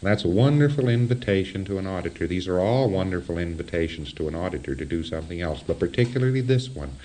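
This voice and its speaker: A man with a very low, dark voice lectures to a room. His delivery swings widely in pitch and is wry, broken by dry chuckles. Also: fast talker. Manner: animated, wry, chuckling asides. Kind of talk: spoken lecture.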